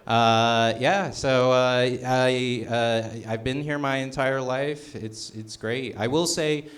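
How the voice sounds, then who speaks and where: A young man from northern Colorado doing a stand-up set with crowd work, halting and self-deprecating with many restarts. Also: mid-range voice, steady tone. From northern Colorado, USA. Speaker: stand-up comedian. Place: comedy club stage.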